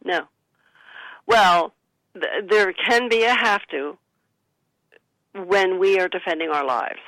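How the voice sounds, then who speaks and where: A woman author and psychic, a guest on a radio talk show, calmly giving advice and suggesting what to say. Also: mid-range voice, takes it slowly, no room sound, low-quality recording. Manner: calm, counseling, gives sample phrases to say.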